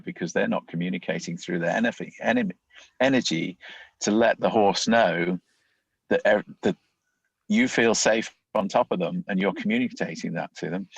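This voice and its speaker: A man's voice: deep voice, gravelly, husky, no room sound, highs cut off. A man, a leadership coach, explaining ideas in a conversational interview, often acting out inner thoughts as quoted voices.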